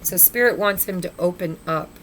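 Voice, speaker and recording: A woman's voice: on the low side, moderate pace, a bit bright, a little hiss or hum. A woman giving a casual spoken tarot reading, musing aloud as she draws cards and addresses spirit and her viewers. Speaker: tarot reader.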